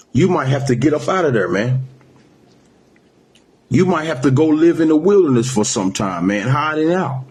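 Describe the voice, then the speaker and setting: A man preaching a sermon, reading scripture slowly and then driving points home with repeated "man" and "right?". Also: on the high side, darkish tone. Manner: emphatic, ends phrases with "man" and "right?"; slows to a drawl when reading scripture. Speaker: street preacher.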